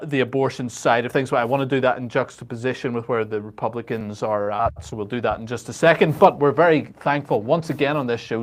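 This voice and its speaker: A man co-hosting a casual political talk show, talking in halting bursts with many restarts and sardonic asides. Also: mid-range voice. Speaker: editor-in-chief and co-host.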